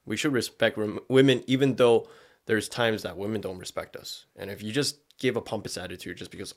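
رجل شاب يتكلم بعفوية ويكثر الشتائم. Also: male voice, medium pitch, lively intonation, fairly quick. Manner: profane, rambling, laughs often. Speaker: co-host. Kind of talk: casual reaction chat.

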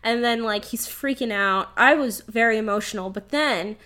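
A woman's voice: on the high side, normal speed, pushed and bright. A woman co-hosting a casual chat, animatedly recapping a movie with lots of swearing and "like" fillers.

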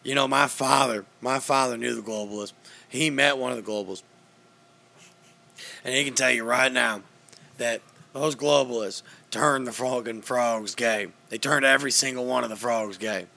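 A man doing a comedic impression of a blustering, middle-aged conspiracy radio host who rants loudly. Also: medium pitch, normal speed, creaky. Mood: ranting. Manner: ranting, loud, conspiratorial.

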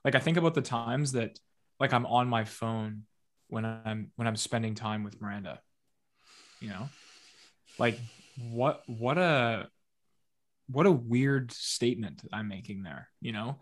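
A man's voice: medium pitch, a little slow, long pauses. Reflective man reading notes on a podcast. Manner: reflective, reads notes aloud. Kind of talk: casual podcast conversation.

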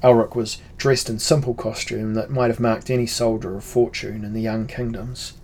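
A man's voice: fairly low pitch, level tone, darkish tone, slightly rough. Man narrating a fantasy audiobook. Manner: measured, unhurried storytelling.

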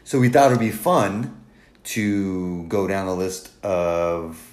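A man co-hosting a casual fantasy football podcast, talking in a halting, rambling, joking way. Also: low voice, steady tone, a little mellow. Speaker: podcast co-host. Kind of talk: casual chat. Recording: roomy echo.

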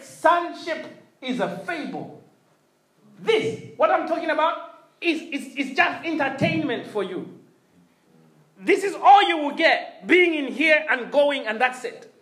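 High-voiced preacher in an echoey room. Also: male voice, a bit bright, far from the mic. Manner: emphatic, repeats phrases, calls for response. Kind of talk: sermon.

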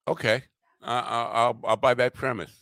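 A man hosting a casual podcast, talking haltingly with many fillers and restarts. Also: mid-range voice, flat delivery, a bit bright, dry recording. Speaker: podcast host.

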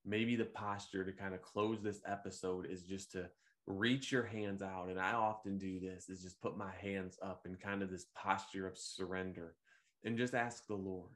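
A man hosting a devotional podcast, speaking in a gentle, unhurried, reflective way with occasional fillers and restarts. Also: deep voice, fairly even intonation. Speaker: podcast host leading devotional meditation.

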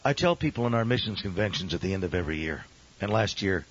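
A man preaching a storytelling sermon as a pastor, dramatic, swinging from loud exclamations to hushed near-whispers, on a dull lo-fi recording. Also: sits low, expressive, fast, slightly rough.

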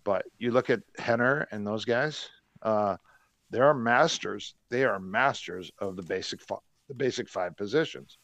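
A man's voice: on the low side, normal speed, a bit bright, no echo. An older man, a martial arts coach, telling rambling anecdotes with frequent restarts as a podcast guest. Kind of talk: casual podcast chat, storytelling.

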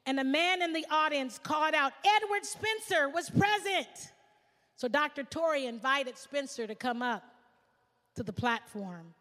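A woman pastor preaching a sermon, swinging from shouts to hushed asides. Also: sits high, normal speed, long reverb tail.

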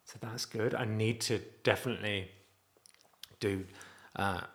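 A man's voice: lowish voice, steady tone, measured pace, fairly bright tone. A man talking candidly to camera in a personal vlog about being a dad, earnest and rambling, often restarting his sentences. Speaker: vlogger and father.

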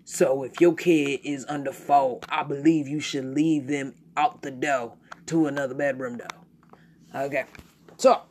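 A woman hosting her own podcast, delivering a blunt, profane, animated solo rant. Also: deep voice, unhurried, slight background noise. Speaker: podcast host.

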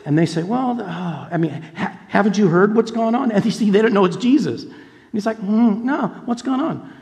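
Male pastor, earnest animated preaching, slightly high voice, reverberant hall sound. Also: a little fast. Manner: earnest, animated storytelling with repeated words and quoted voices. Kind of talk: sermon.

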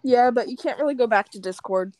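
A woman co-host with a deadpan, trolling manner, chatting casually over a video call. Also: fairly high pitch, fairly quick. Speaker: podcast co-host.

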